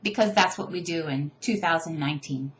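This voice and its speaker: A woman teacher casually explaining how she teaches silent letters, chatty and animated with playful asides. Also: deep voice, fairly quick, highs cut off. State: tired. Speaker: teacher giving teaching tips. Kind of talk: casual instructional video.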